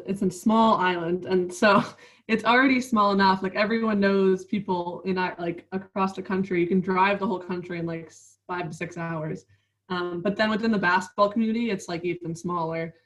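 A woman's voice: mid-range voice, steady tone, brisk, recorded from a distance, low-quality recording. Chatty young woman, lots of "like". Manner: chatty, filler-heavy, laughs often. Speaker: guest, professional basketball player. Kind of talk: casual interview chat.

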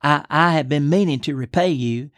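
A man voicing a flustered, apologetic young mother, raising his pitch for her, with a dry, close sound. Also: moderate pace, a bit bright, dry recording, close to an everyday voice.

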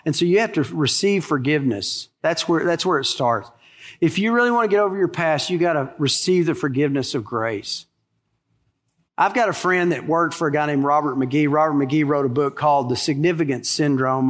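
A man's voice: a little high, long reverb tail. A man preaching a sermon as a pastor, earnest and emphatic, repeating key phrases for weight.

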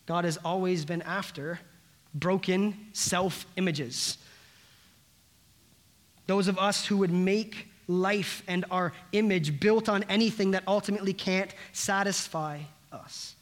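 A man's voice: high-pitched, moderate pace. A pastor preaching a sermon to his congregation, earnest and building through emphatic repeated phrases.

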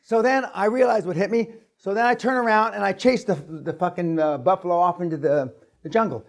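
Man, seminar speaker, higher-pitched voice, profane, acts out sound effects, storytelling to a room. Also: a little fast. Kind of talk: storytelling to a live audience.

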